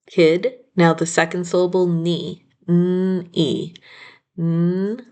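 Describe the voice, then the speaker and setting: A woman's voice: lowish voice, flat delivery, darkish tone. A woman teaching a phonics spelling lesson, patiently sounding out each word. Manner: slow, patient, sounding out words.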